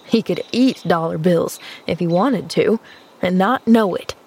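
A woman's voice: fairly low pitch, unhurried, a little mellow, slightly rough. A woman reading an audiobook, voicing a plain-spoken, gossipy country housemaid who exclaims readily.

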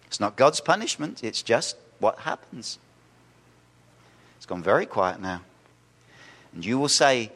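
A male pastor preaching a sermon, animated, acting out quoted voices and asking the congregation questions. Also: medium pitch, unhurried, long pauses. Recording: reverberant church hall.

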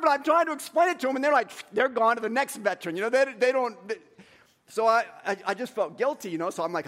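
Middle-aged pastor guy preaching, pretty high voice, tells stories then reads scripture. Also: fast talker. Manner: storytelling, animated anecdotes then earnest reading. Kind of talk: sermon.

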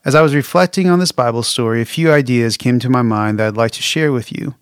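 A man's voice: mid-range voice, fast, clean tone, no room sound, studio quality. A male pastor giving a sermon in a candid, reflective and conversational way.

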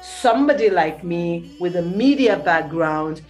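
A middle-aged woman from Nigeria with a Nigerian Pidgin accent speaks as a studio guest on a radio show. She tells her story in an animated way, and her voice leaps higher whenever she stresses a point. Faint music plays softly under her voice. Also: a little slow. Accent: Nigerian Pidgin English.

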